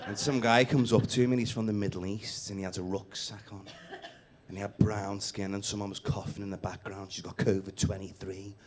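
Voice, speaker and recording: A man's voice: lowish voice, level tone, a little fast. A man in his late thirties with a Scouse accent, doing crude, teasing stand-up and crowd work on a comedy club stage. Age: late 30s. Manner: brash, crude, teasing the audience. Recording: live gig with loud crowd laughter. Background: audience laughing.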